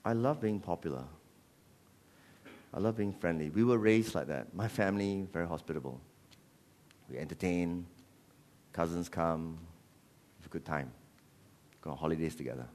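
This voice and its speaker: A man preaching a sermon as pastor, animated and jokey. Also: deep voice, moderate pace, pauses often. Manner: animated, jokey, switches into voices.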